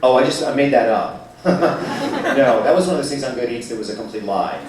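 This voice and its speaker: A man fielding audience questions at a live event, bantering and teasing the crowd in a quick-witted, joking way. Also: medium pitch, lively intonation. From California-born, raised in North Georgia. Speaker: guest answering audience questions. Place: large echoey venue with a live audience. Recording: echoey hall, distant mic, loud crowd.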